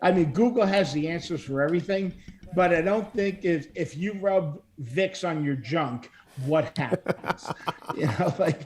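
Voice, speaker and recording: A man's voice: a little high, a little slow, a little mellow. A man co-hosting a podcast, telling rambling stories in casual chat and laughing often. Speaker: podcast co-host.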